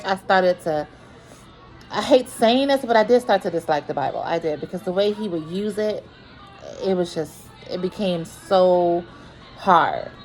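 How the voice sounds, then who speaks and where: Woman with a lowish voice telling her story to camera, earnest, repeats herself a lot. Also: poor audio. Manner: earnest, repeats herself, many restarts and fillers. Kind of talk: personal storytime vlog.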